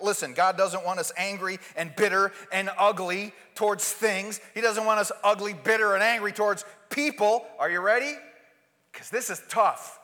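A male pastor preaching a sermon, shifting between loud, forceful outbursts and soft, quiet asides. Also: high voice, moderate pace, big-room sound.

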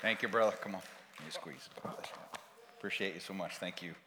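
A man's voice: low-pitched, a little fast, long reverb tail, background noise. A male pastor preaching a sermon in a conversational, storytelling way. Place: church sanctuary.

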